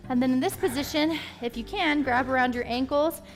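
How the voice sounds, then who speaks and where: A woman's voice: high-pitched, brisk, in a large hall, faint music behind. A woman leading a follow-along home workout, giving encouraging step-by-step cues. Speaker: fitness instructor.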